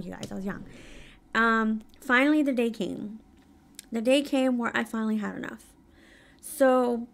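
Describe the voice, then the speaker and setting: Candid woman telling a personal story. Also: medium pitch. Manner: candid, emotional, frequent "like" fillers. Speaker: vlogger. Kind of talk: casual storytelling while doing makeup.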